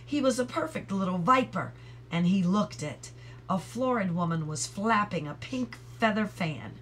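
A woman reading a novel aloud in a measured, unhurried storytelling manner. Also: mid-range voice, a bit bright, breathy edge. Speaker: reader.

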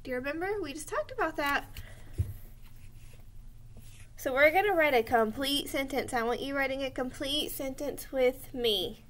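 A woman teacher giving a recorded lesson to young children, slow and clear, encouraging them as she writes along. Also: high-pitched, fairly bright tone.

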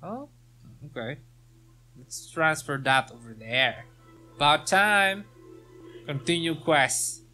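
Man for a let's play: slightly higher voice, unhurried, joking and laughing over the quests. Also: expressive, pushed and bright, faint music behind. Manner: reads quest text aloud, joking and laughing. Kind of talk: casual gameplay commentary.

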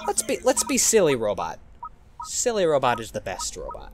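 A man hosting playful gameplay commentary, excitable and goofy, tossing in silly sound effects. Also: medium pitch, moderate pace, faint music behind. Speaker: gaming channel host.

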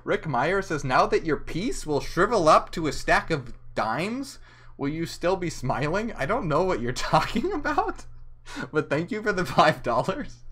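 Unhurried and sing-song, his voice a bit bright and on the high side, a drunk livestream host rambles through live chat and reads out viewer comments. He slurs, giggles and flusters easily, indoors in a chilly room.

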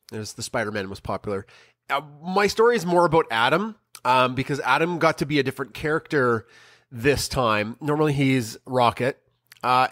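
A man's voice: medium pitch, fairly bright tone, dry recording, clean studio sound. A middle-aged man co-hosting a podcast, telling a family story in a rambling way with frequent ums and restarts. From Canada. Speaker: podcast co-host. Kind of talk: casual chat.

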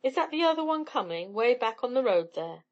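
Woman reading a teenage boy, blunt, loyal, eager, a little high. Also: very animated, a little fast, highs cut off. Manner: forthright, firm.

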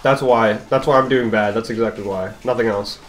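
A man's voice: on the low side, fairly even intonation, fairly quick, background noise. A young man streaming a rhythm game, talking in a rambling, profane, restless way as he plays. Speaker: gaming streamer. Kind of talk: casual gameplay commentary. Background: game music.

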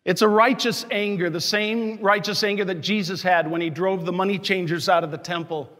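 Impassioned priest preaching in reverberant church. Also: male voice, sits high, steady tone, brisk, a bit bright. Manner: impassioned, scolding, emphatic preaching. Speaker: Catholic parish priest. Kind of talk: sermon.

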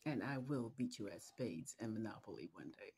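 A middle-aged woman giving a heartfelt video message to her adult son, holding back tears and speaking tenderly and haltingly, sometimes dropping to a whisper. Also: extremely low pitch, lively intonation, darkish tone, slightly rough.

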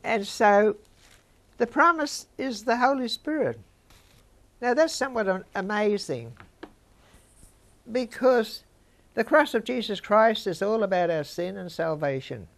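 Older woman, Bible teacher, conversational, gravelly voice with a little fry. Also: mid-range voice, expressive, a little slow. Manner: conversational, chats with listeners.

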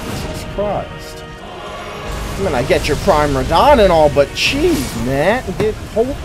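A young man swearing and commentating his gameplay in exasperation, yelling in panic at a boss. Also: fairly high pitch, expressive, normal speed. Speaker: gaming streamer. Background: game music.

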